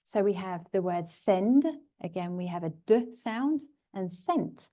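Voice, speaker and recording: A woman's voice: on the low side, moderate pace, warm tone. A woman teaching English pronunciation in a webinar, explaining patiently and overpronouncing example words over a computer mic. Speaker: language teacher. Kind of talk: webinar lesson.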